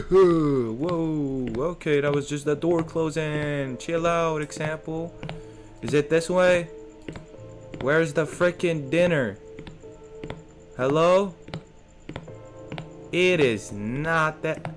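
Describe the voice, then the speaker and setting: Slow-talking young man streamer, slangy. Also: fairly high pitch. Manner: slangy, jokey, talks to game characters. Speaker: gaming streamer. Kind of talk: let's play commentary. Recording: faint game music behind.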